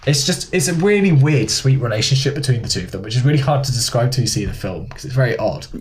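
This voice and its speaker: A man's voice: medium pitch, lively intonation, fast, a little hiss or hum. A man co-hosting a podcast, talking through a film with enthusiasm in casual chat. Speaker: podcast co-host.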